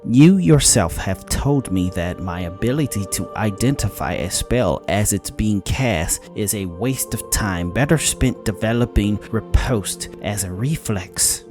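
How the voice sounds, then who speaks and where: A man voicing a blunt, hotheaded fae warrior woman who talks back loudly and defensively. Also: on the low side, expressive, unhurried, few pauses, music in the background. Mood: indignant. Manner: snapping, defensive, loud.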